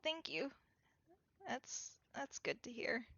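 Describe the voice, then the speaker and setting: A woman voicing a timid young male rat who speaks in soft, halting bits, with a slightly raised voice. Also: sits high, fairly even intonation, vocal fry, no room sound, pitched above the performer's own voice, exaggerated voice. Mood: grateful. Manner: hesitant, halting, soft-spoken. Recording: dull lo-fi, dry.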